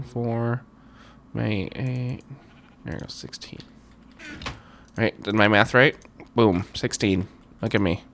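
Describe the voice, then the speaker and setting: A man with a medium-pitched voice hosts a Minecraft let's play, giving casual gameplay commentary and muttering to himself as he plays. When he pleads, he becomes loud and excited.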